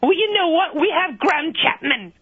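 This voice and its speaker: A man's voice: very high-pitched, animated, normal speed. A man voicing a brash, foul-mouthed woman who calls a radio show to scold her ex-boyfriend. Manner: scolding, cheeky insults. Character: brash middle-aged British woman caller, foul-mouthed ex-girlfriend. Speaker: caller. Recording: tinny phone line.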